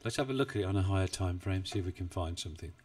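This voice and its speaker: Rambling man, low voice, distant mic. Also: rapid-fire, darkish tone. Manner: chatty, rambling, self-deprecating, chuckles often. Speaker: forex trading live streamer. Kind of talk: casual live-stream chat. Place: home desk in the UK. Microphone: desk mic, not well placed.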